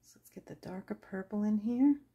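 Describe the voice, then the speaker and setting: A woman with a husky, mid-pitched voice talks her viewers through a watercolor painting session. She chats casually and drifts into lively stories, laughing as she goes. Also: normal speed, lo-fi sound. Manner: chatty, laughs while telling stories. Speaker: craft channel host. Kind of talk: casual craft tutorial chat.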